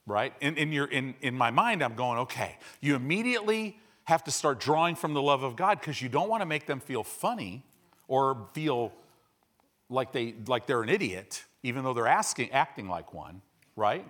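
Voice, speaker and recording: A man preaching a sermon as a pastor, swinging from loud declarations to hushed asides and acting out little conversations. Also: medium pitch, normal speed. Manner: lively, swings from loud to hushed, acts out dialogues. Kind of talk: animated sermon.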